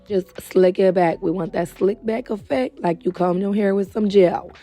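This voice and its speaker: A young adult woman hosting a casual wig tutorial, chatty and friendly with viewers, a little hoarse and short of breath. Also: mid-range voice, fairly even intonation, moderate pace, mellow, faint music behind. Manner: chatty, calls viewers girl and baby. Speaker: beauty supply wig stylist host. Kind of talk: casual tutorial talk to camera. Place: indoors at home.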